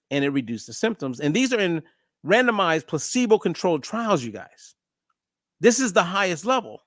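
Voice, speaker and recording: Telling a story in a casual monologue, a middle-aged male host acts out the dialogue with animated energy. His voice is high, and the studio-quality audio has no room sound.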